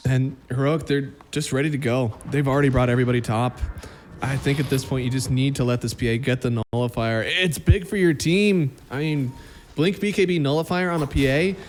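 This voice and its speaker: A man giving quick, excitable live play-by-play commentary on an esports match, calmer when he analyses between fights. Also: mid-range voice, faint music behind. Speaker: esports caster.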